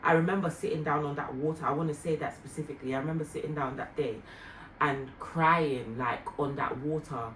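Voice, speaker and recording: Woman, family vlogger, earnest, reflective, soft fillers, echoey room, distant mic. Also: sits low, steady tone, fairly quick, hardly any pauses. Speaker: vlogger mother. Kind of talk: heartfelt personal storytelling. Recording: roomy, distant mic, faint noise.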